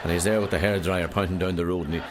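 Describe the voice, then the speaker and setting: A man with an Irish accent telling jokes as a stand-up comedian, rambling quickly through stories with frequent restarts. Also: deep voice, fairly even intonation, background noise.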